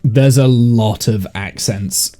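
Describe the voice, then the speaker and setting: Mellow-voiced Englishman with soft RP accent. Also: mid-range voice, slow, faint music behind. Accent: English, received pronunciation mixed with Midlands/northern. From Midlands of England. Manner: rambling and thinking aloud, many fillers and restarts. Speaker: live streamer reading chat. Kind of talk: casual chat while gaming.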